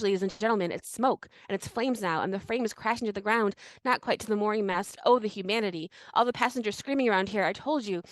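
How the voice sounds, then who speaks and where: A woman's voice: fairly high pitch, no room sound, pitched above the performer's own voice, natural voice, low-quality recording. A woman reading out, in a panicked voice, the words of a male radio reporter watching a disaster, breathless and repeating herself. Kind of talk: dramatic reading of an archive report.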